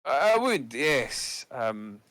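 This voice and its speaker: A man plays a courteous dwarf who stammers and fumbles over his words in a tabletop game. His pitch swings widely, and his delivery is slow. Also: big pitch swings, fairly bright tone, no room sound, rough recording. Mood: hesitant. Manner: hesitant, stammering. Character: polite, fumbling adult male dwarf. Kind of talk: tabletop role-play.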